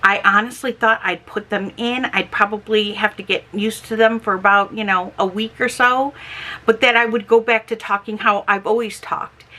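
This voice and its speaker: A middle-aged woman chatting casually in a vlog, talking slowly and carefully, with slightly slurred, lisping S sounds from her dentures. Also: mid-range voice, sharp tone. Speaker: homestead vlogger.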